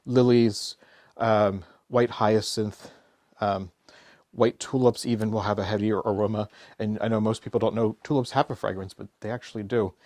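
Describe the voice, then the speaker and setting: A man's voice: on the low side, steady tone, normal speed, a little mellow, dry recording, studio quality. A middle-aged man giving a casual, chatty flower-arranging tutorial as a florist, joking as he works. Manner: chatty, jokey, self-deprecating. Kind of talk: casual floral design tutorial.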